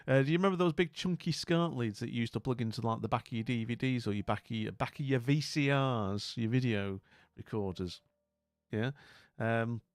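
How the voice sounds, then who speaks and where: A man's voice: medium pitch, dry recording, clean studio sound. Rambling, chatty man. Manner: rambling, chatty, many fillers and restarts. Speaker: live streamer. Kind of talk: casual stream chat.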